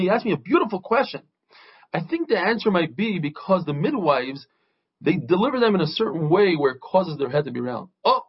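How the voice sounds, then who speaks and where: A husky man with a fairly high voice teaches a daily Talmud lesson a little fast, in a dull, lo-fi recording. He retells its stories with energy, briefly acting out each quoted speaker.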